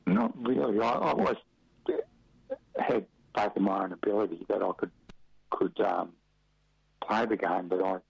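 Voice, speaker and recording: A low male voice with vocal fry and a breathy edge comes at a normal pace, broken by long pauses. The speaker, a middle-aged man from Western Australia, shares rambling football anecdotes in a relaxed interview, chuckling and using plenty of fillers. The sound is dry and dull lo-fi radio with no room sound.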